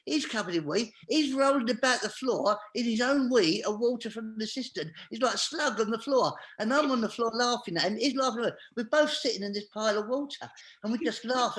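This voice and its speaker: A man's voice: very high voice, animated, brisk, fairly bright tone. A man, a guest on a chat show, telling a comic anecdote and acting out each scene with animation.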